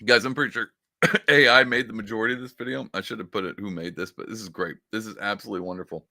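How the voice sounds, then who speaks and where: A man's voice: lowish voice, fast talker, creaky, no echo, studio quality. A man hosting a political commentary show who talks emphatically and gets fired up. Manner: excitable, emphatic, restarts and fires up. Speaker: podcast host.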